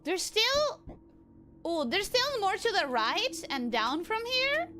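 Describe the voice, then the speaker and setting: A woman streaming a video game and talking through it live, excitable and swearing, often repeating herself. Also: extremely high pitch, slow pace, faint music behind. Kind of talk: live gameplay commentary.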